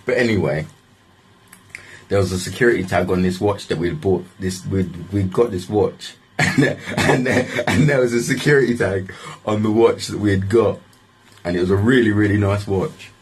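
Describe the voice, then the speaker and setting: A man's voice: fairly low pitch, normal speed, a little hiss or hum. A young man, telling a story in a casual, rambling way, full of swearing and "like". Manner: rambling, swears often, restarts lines with "like". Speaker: vlogger.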